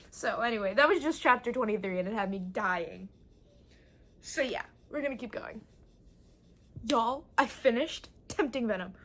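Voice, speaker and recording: A young woman vlogging casually about her reading, excitable and gushing, swearing often. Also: a little high, moderate pace. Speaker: book vlogger. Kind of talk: casual vlog chat.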